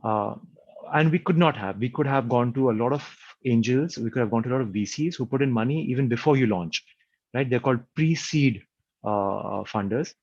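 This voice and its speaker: Husky-voiced man explaining business plainly. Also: medium pitch, moderate pace, darkish tone, dry recording. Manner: fires off long strings of rhetorical questions. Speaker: entrepreneur guest. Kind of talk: explaining a business framework in an interview. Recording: dull, muffled lo-fi sound.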